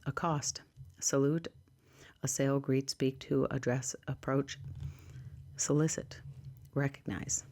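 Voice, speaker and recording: An ASMR host slowly reading lists of words in a soft, low-key voice, sometimes dropping to a whisper and adding dry little asides. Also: little pitch movement. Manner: drifts into whispers.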